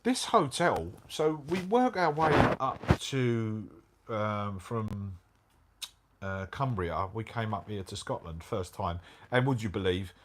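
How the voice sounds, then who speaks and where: A middle-aged man telling a motorbike travel story in casual chat, animated and full of slang. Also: lowish voice, breathy edge. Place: hotel room, indoors.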